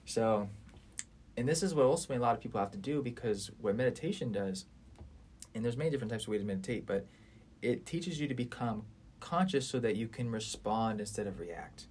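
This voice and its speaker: A man's voice: mid-range voice, lively intonation, fairly quick, darkish tone, slight background noise. A man in his twenties talking earnestly and at length in a casual podcast conversation, rambling and swearing freely.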